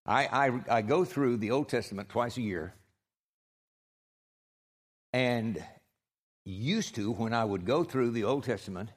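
A man's voice: mid-range voice, animated, unhurried, pauses often. Emphatic male preacher with dry sarcasm. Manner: direct, emphatic, with dry sarcasm and repeated restarts. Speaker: pastor. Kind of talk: sermon.

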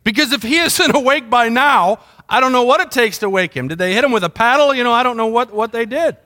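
A man's voice: very high voice, expressive, fast, bright, forceful tone. A middle-aged man preaching a sermon as pastor, conversational and full of storytelling. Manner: conversational storytelling, mimics sounds.

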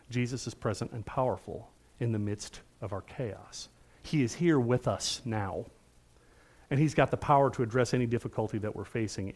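A man's voice: mid-range voice, darkish tone. A middle-aged male pastor preaching a sermon in an earnest, conversational way, often checking in with the room.

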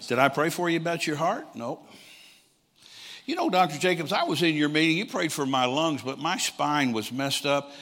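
Older male preacher in his 60s, bright voice, animated storytelling in a church with long hall reverb. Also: fairly high pitch, normal speed. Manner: animated storyteller who acts out quoted people and chuckles often. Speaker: traveling preacher. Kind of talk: storytelling sermon.

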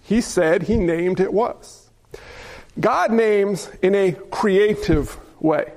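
A man's voice: high voice, takes it slowly, darkish tone. A male pastor preaching a sermon, playful and jokey, throwing rhetorical questions at the congregation.

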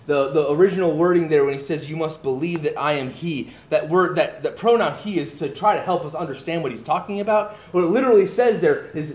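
A man teaching verse by verse from the Bible as a pastor, emphatic and animated, with frequent restarts and asides. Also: fairly high pitch, fairly quick, few pauses, echoey room.

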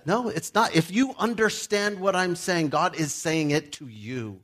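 A man's voice: high-pitched, big pitch swings, normal speed, few pauses, fairly bright tone. A middle-aged man preaching a sermon as a pastor, speaking directly and emphatically to his listeners, with joking asides.

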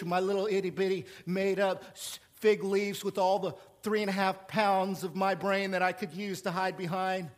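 A male pastor preaching a sermon in an animated, playful way, with sudden jumps in pitch and volume. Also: normal speed, few pauses.

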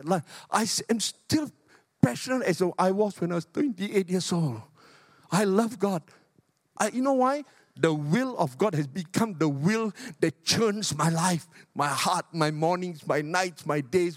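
An older man, a retired pastor, preaching a sermon with emphatic, repetitive phrasing and big swings in pitch. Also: animated, moderate pace, no echo, clean studio sound.

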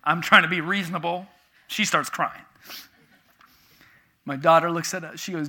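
A man preaching a sermon with passion, moving between loud emphatic lines and quiet personal asides. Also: on the high side, steady tone, moderate pace, pauses often.

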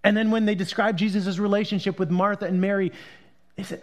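Man preaching, high and animated. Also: fast. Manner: conversational preaching, swinging from loud emphatic to quiet and hushed. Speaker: pastor. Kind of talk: sermon.

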